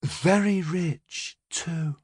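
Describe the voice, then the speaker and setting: A man reading an audiobook voices an excited, slightly slurred young woman at a nightclub. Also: sits high, moderate pace, dry recording, clean studio sound, voice pushed up. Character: bubbly tipsy young woman, eager and merry.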